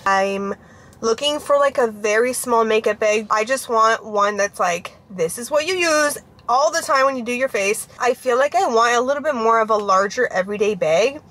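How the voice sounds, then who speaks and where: A young woman vlogs in a candid, heartfelt way, her voice bright and a touch high. She rambles openly with many fillers, and the sound is echoey and roomy. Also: expressive, moderate pace. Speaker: vlogger. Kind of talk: candid confessional vlog chat. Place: car.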